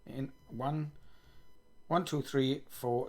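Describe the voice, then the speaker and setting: A man's voice: mid-range voice, measured pace. A man streaming himself coding live, thinking aloud, reading code under his breath and poking fun at himself. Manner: muttering, self-mocking, reads code aloud.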